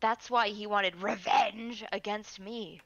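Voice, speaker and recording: A woman reading the lines of a haunted young male prosecutor aloud while playing a game, in a somber, halting way. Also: medium pitch, fairly even intonation, highs cut off, noisy background.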